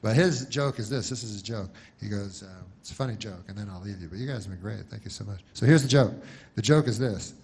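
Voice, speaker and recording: A male stand-up comedian telling jokes in a deadpan, rambling way, with many restarts. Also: fairly low pitch, fast talker, creaky, a little hiss or hum.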